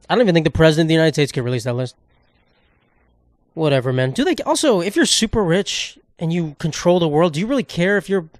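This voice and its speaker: On his solo podcast, a man rants in a rambling, sarcastic, profane way and keeps cutting himself off mid-thought. His voice is fairly high, and the studio-quality recording has no echo.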